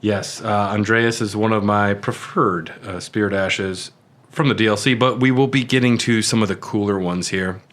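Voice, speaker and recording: A man's voice: fairly low pitch, moderate pace. A man co-hosting a casual gaming podcast, reading item descriptions and then riffing loosely, with the odd curse. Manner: relaxed, reads item text then riffs with swearing. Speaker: podcast co-host.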